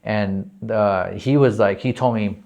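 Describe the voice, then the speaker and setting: Casting: young man from New Mexico, lowish voice, swearing storyteller who leans hard on "like". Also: a little slow, gravelly. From New Mexico, USA. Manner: excited, profane, heavy use of "like". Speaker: guest, real estate agent. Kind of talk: casual interview storytelling.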